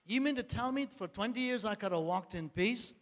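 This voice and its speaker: High-voiced man testifying in an echoing hall. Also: animated, brisk, a bit bright. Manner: earnest, repeating phrases and rhetorical questions. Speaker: speaker giving a personal testimony. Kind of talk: church testimony talk. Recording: long hall reverb.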